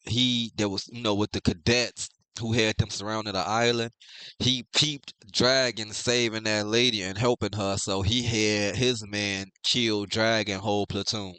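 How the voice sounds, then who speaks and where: A young man casually recapping and reacting to a comic chapter, loose and profane, reading out the dialogue flatly. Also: fairly low pitch, unhurried, clear, resonant tone, no echo. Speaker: manga reviewer.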